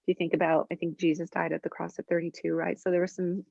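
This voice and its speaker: A woman's voice: lowish voice, fast talker, gravelly, no echo. Woman practitioner, chatty storyteller, acts out quotes; dry, muffled lo-fi recording. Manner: animated, acts out quoted voices in stories. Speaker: functional medicine practitioner. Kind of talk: conversational explanation and storytelling. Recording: dry, dull lo-fi sound.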